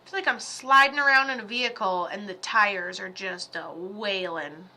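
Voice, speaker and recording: Bright-voiced chatty woman medium. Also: mid-range voice, normal speed. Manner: chatty, blunt and joking, with frequent fillers. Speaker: psychic medium. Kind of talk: casual livestream reading.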